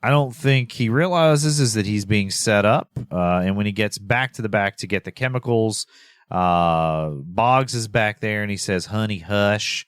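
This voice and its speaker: A man's voice: on the low side, moderate pace, clear, resonant tone, no echo, clean studio sound. A man co-hosting a podcast who casually recaps a film and rambles with frequent fillers. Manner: rambling with many fillers and laughs. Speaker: podcast co-host.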